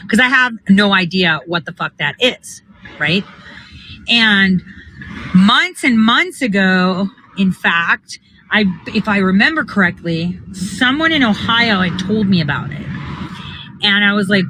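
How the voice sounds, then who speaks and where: A woman speaking straight to her followers in a casual, off-the-cuff vlog. Her voice has a bright, forceful edge, and she talks bluntly and emphatically, swearing freely as she vents. Faint ambient noise sits behind her. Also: medium pitch, normal speed, low-quality recording. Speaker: political organizer vlogger. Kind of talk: casual rant to viewers. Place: out and about heading to a coffee drive-thru.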